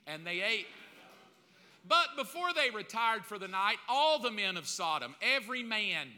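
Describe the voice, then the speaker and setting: Animated preacher in a big echoing hall. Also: male voice, high-pitched, unhurried. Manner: animated storytelling preacher acting out crowd voices. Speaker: pastor. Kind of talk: sermon. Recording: long reverb of a large hall.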